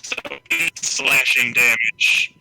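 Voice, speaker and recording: A man's voice: medium pitch, slow pace, poor audio. A man playing a tabletop game, thinking aloud while he tallies his rolls. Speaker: player. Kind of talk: casual chat. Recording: loud background noise.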